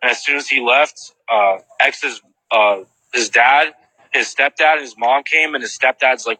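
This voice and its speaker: A man's voice: mid-range voice, a little slow, pushed and bright, no room sound, poor audio. A man casually retelling what he witnessed and answering viewers' questions, rambling with lots of "like" fillers and restarts.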